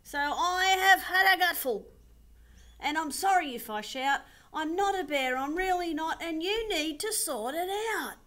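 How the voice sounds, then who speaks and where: A fed-up male koala, as a woman reads him aloud, ranting indignantly in rhyme. His voice swings widely up and down, bright and sharp-edged, in a storybook telling. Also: a little high, very animated, takes it slowly, full character voice.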